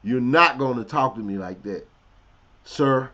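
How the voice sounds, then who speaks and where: A man telling a blunt, profane personal story in casual street slang, swinging between loud, heated outbursts and low, quiet asides. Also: lively intonation, measured pace. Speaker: commentary vlogger. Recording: dull, lo-fi audio.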